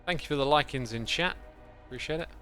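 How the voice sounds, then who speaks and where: A man's voice: on the high side, fast talker, a bit bright. A man talking casually to his livestream chat while playing a game, thinking aloud and rambling. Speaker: game streamer. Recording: faint background music.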